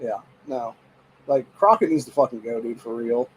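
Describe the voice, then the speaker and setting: A man's voice: medium pitch, moderate pace, slightly rough, low-quality recording. A man hosting a show, ranting angrily in heated, profane, rambling commentary full of fillers. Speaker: show host. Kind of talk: angry political commentary rant.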